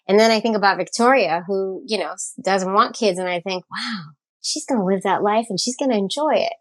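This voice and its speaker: A middle-aged woman hosting a podcast in a casual, chatty way, animated and joking with her listeners. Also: medium pitch. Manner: animated, jokey, says "y'all". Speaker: podcast host.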